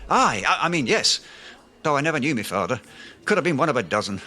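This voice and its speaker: An actor playing a pompous, self-deluded aspiring writer who blusters grandly in a comedy audio drama. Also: male voice, mid-range voice, big pitch swings, fast, sharp tone. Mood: bluffing. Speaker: comic lead.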